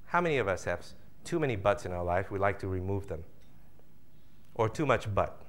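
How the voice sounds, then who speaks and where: A man giving a live motivational seminar talk, animated and jokey, acting out voices of the audience. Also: low voice, normal speed. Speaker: motivational speaker.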